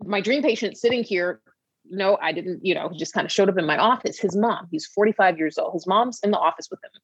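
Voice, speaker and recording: A woman physician on a talk show, telling a patient story in an animated, conversational way with many asides. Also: on the low side, fairly quick, husky, no echo, highs cut off. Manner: animated storyteller, frequent "you know" asides. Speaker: obesity medicine physician guest.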